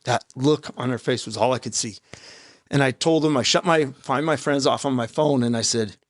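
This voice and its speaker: A man in his fifties, a podcast guest, telling his own story in a raw, halting way with blunt profanity. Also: medium pitch, no echo, studio quality. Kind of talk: candid personal storytelling in an interview. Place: podcast studio. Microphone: studio microphone.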